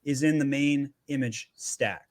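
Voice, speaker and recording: A man who runs an agency gives energetic, emphatic selling advice in a webinar conversation, often repeating words as he starts. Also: medium pitch, unhurried, dry recording, studio quality. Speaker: agency founder sharing Amazon selling advice.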